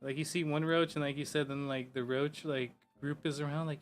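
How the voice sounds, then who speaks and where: A man's voice: on the high side, little pitch movement, fairly quick, hardly any pauses, soft background music. Rambling, profane male streamer. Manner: loose, profane, full of "like" and "you know". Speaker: gaming streamer. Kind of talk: casual rambling chat.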